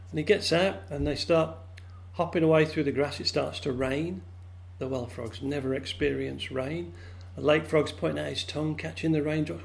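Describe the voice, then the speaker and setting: A man telling a folk tale to friends over a video call, lively and animated, jumping into high squeaky voices for the characters. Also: normal speed, vocal fry. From England. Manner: lively, acts out frog voices with big pitch jumps. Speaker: storyteller.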